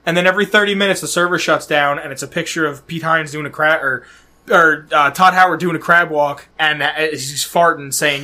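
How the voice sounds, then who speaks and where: Man, high voice, podcast co-host, crude and jokey banter. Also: a little fast. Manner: profane, joking, animated. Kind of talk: casual gaming podcast chat.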